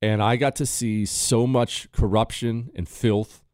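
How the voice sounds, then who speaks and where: A man hosting a talk radio show, delivering a forceful, indignant and sarcastic opinion monologue. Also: mid-range voice, steady tone, unhurried, no room sound, studio quality.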